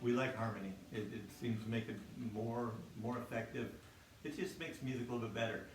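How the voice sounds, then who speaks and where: A man gives a relaxed music lesson for children, speaking plainly and breaking into simple explanations with small fillers. His voice sits at a middle pitch and rings through a roomy space, set a bit back from the microphone. Loud instrument music plays behind him. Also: brisk, recorded from a distance. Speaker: music teacher. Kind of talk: teaching a kids' music class on video. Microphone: single microphone near his instrument.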